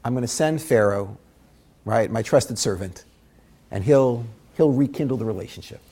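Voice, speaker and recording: A man voicing God in a retold story, speaking quietly and earnestly, a little low. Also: moderate pace, breathy edge, close to an everyday voice. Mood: longing. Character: God, patient and longing for closeness.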